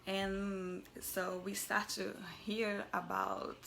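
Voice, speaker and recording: A mother telling a personal story in a soft, halting voice that often drops to a whisper. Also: mid-range voice, flat delivery, gravelly, a little hiss or hum. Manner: halting, searching for words.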